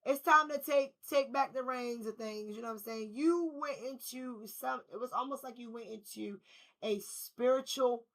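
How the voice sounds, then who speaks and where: A woman's voice: a little high, normal speed, low-quality recording. A woman giving a collective spiritual reading, talking emphatically in casual slang with repetition and swearing. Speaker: tarot reader.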